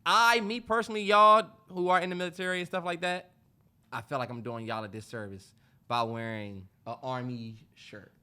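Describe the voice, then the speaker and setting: A man's voice: fairly high pitch, fairly even intonation, moderate pace, bright, forceful tone, clean tone. A man co-hosting a podcast in casual chat, telling a story animatedly and acting out what people said. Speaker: podcast co-host.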